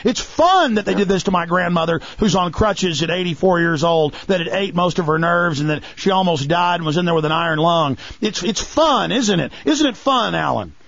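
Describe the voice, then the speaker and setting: A male radio talk show host in a heated conversation, excitable and mocking, often mimicking people in a high falsetto. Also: a little fast, few pauses, dry recording. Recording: muffled radio broadcast sound.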